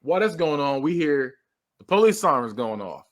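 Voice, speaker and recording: A man's voice: fairly high pitch, normal speed. A man co-hosting a podcast, retelling a movie scene in casual chat, acting out the characters' lines and laughing often. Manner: animated storytelling, acts out quotes, laughs often. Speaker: podcast co-host.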